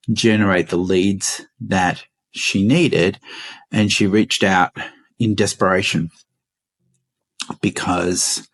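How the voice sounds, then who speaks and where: Brief: Australian male co-host, low and husky, casual podcast chat, unhurried explainer with ums.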